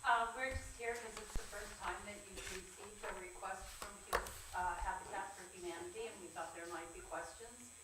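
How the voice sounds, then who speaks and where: A woman from a nonprofit giving a halting, informal update at a city council meeting. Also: medium pitch, steady tone, heavy background noise. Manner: informal, halting with many fillers. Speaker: nonprofit representative. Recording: far-off echoey council chamber.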